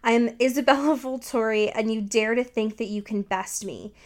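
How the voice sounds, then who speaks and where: A woman's voice: fairly high pitch, moderate pace, close to an everyday voice. Cast a woman reading a haughty, menacing ancient phoenix girl from a fan fiction, in a plain reading voice. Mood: haughty threatening. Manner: haughty, threatening.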